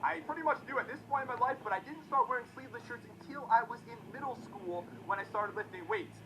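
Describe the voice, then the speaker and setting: A young man in his twenties talks straight to his viewers, chatty and self-mocking. His voice sits high and bright, and he rattles along fast. A faint hiss runs under the recording. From Connecticut, US. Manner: chatty, self-deprecating, addresses viewers as guys. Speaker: YouTuber. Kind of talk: casual vlog chat.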